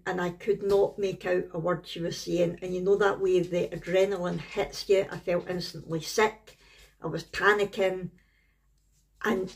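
Chatty Scottish mum vlogging. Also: female voice, lowish voice. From Scotland. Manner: chatty, rambling storytelling. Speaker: family vlogger. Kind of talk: casual talking-to-camera vlog.

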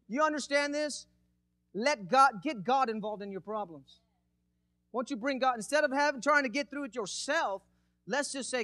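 A man preaching a lively sermon as pastor, calling out to the congregation and acting out a demonstration. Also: high-pitched, normal speed, dry recording, clean studio sound. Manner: energetic, calls out to congregation. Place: church.

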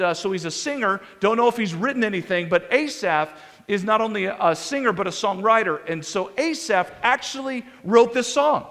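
An American man preaching in a relaxed, chatty way, often restarting and acting out quotes. His voice sits high for a man. The church around him rings with a long reverb. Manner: conversational, animated with restarts and acted quotes. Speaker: pastor. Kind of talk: sermon. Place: church sanctuary.

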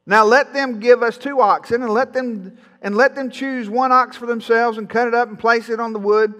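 A man's voice: very high voice, steady tone, moderate pace, a bit bright, in a large hall, highs cut off. A man preaching a sermon to his congregation, folksy and playful, teasing the people in the pews. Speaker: pastor. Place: church sanctuary.

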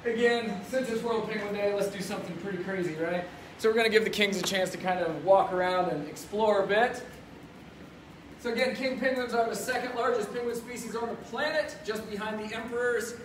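A man's voice: sits high, fairly quick. A man presenting as a zookeeper, talking upbeat and chatty through a face mask inside a zoo birdhouse. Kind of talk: casual educational live stream. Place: indoor zoo birdhouse with penguins. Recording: echoey room, distant mic, faint noise.

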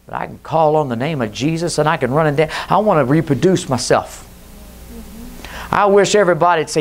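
A middle-aged man preaching a Pentecostal sermon, jumping between loud calls and low intense passages. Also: fairly quick. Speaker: pastor. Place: church sanctuary.

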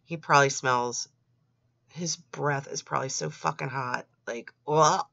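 A woman's voice: a bass voice, unhurried, creaky, sharp tone, no echo. A young woman reading chat logs aloud and adding sarcastic, disgusted comments. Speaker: commentary host. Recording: dry, slightly dull lo-fi home recording.

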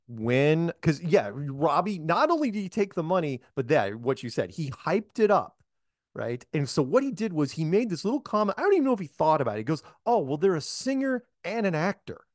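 A man's voice: on the high side, no room sound, studio quality. A man hosting a casual chat, telling a long story and acting out the voices of the people in it. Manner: animated storyteller, acts out quoted voices. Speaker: host.

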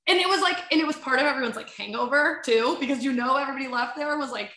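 A woman with a bright, slightly high voice chats animatedly as a podcast guest, full of fillers and acted-out quotes. Her voice carries a noticeable roomy echo. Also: rapid-fire. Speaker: podcast guest, sports agency head. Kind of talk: casual chat.

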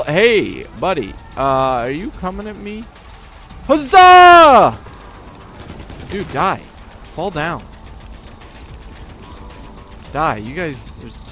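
Man, let's play commentary, goofy jokes, very lively pitch, slow drawling pace. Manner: goofy, jokey, yells at enemies. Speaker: gaming video host.

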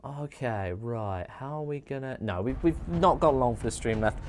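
An English man hosting a gameplay livestream, chatty and excitable, joking with his chat. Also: mid-range voice, moderate pace, noisy background. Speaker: livestream host.

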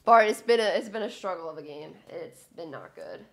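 A young woman giving a chatty live reaction to a hockey game as a fan, excitable and cheering loudly. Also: on the low side, fairly quick. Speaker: sports fan streamer.

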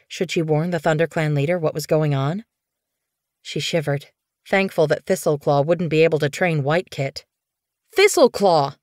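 A woman's voice: low voice, dry recording. Woman narrating an audiobook, dry close sound. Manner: measured, expressive storytelling.

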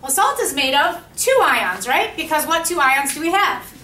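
A woman teaching high school chemistry in a classroom lecture. She asks the class questions and repeats their answers back to them. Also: very animated, normal speed, bright, forceful tone, a little hiss or hum. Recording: echoey classroom, mic at a distance.

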